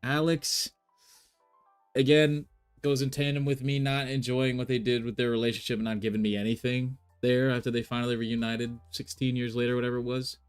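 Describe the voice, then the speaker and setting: A man's voice: medium pitch, level tone, a little fast, clear, resonant tone, faint music behind. A man chatting casually on a live stream, thinking aloud with many fillers and restarts. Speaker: reaction streamer.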